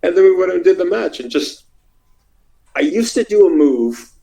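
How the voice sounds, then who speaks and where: A middle-aged man with a gravelly, mellow voice, telling stories from his days in the ring. He talks casually and gets animated, jumping into loud, high voices when he acts out what people said. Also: moderate pace, low-quality recording. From Canada. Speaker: interview guest, former wrestler. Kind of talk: casual storytelling.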